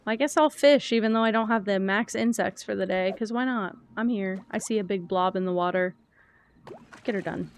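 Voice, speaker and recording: A woman's voice: medium pitch, normal speed, a little hiss or hum. A woman streamer chatting casually while playing a game, rambling from thought to thought and answering her chat.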